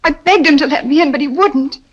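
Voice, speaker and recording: Brief: scared young gentlewoman, fairly high voice, muffled vintage film sound. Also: normal speed, slightly rough. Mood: frightened. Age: young adult. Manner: anxious, pleading, breathless telling. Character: frightened young woman, a baronet's daughter. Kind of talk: 1940s film acting. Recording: dull old film soundtrack.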